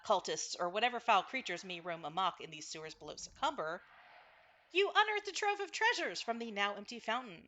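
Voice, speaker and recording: A woman's voice: fairly high pitch, bright, forceful tone. A woman narrating a tabletop game as game master, recapping with frequent fillers and self-corrections.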